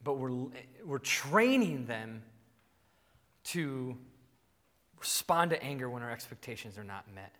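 A man in his thirties preaching a sermon, telling animated stories about his kids and acting out yelling at them. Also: mid-range voice, a little slow, pauses often, big-room sound. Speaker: pastor.

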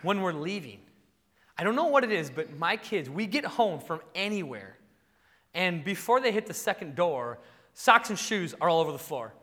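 A man in his thirties preaching a sermon, telling animated stories about his kids and acting out yelling at them. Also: high voice, moderate pace, long reverb tail. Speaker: pastor.

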